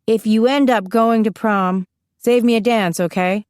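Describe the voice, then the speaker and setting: A woman's voice: fairly high pitch, steady tone, unhurried, darkish tone, clean tone, dry recording, studio quality, close to an everyday voice. A woman voicing an easygoing, teasing teenage boy in an audiobook, speaking in a casual, friendly way.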